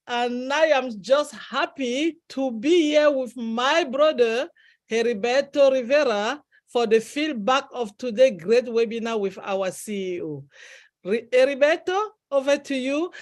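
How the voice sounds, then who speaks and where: A woman co-hosting an online webinar, calling speakers up with polite, formal phrasing. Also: high-pitched. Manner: polite, formal greetings, slightly nonstandard grammar. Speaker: webinar co-host. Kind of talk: moderating an online panel.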